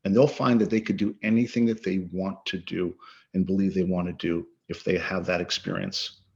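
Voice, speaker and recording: A man's voice: low-pitched, flat delivery, normal speed, vocal fry. A middle-aged man, a coach and guest speaker, talking earnestly and emphatically in an interview, often repeating words for stress. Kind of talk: interview conversation. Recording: slightly dull lo-fi audio.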